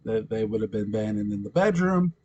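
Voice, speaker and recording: A man's voice: fairly low pitch, lively intonation, a little fast, mellow, husky, muffled recording. Giggly man rambling through a fan recap. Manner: giggly, rambling, frequent laughter and self-corrections. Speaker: fan commentator recapping episodes.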